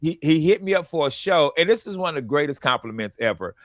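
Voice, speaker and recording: A man hosting a radio comedy show, telling stories in a casual, animated way and acting out what people said to him. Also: on the high side, fast talker, no echo. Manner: animated storytelling, acts out quotes.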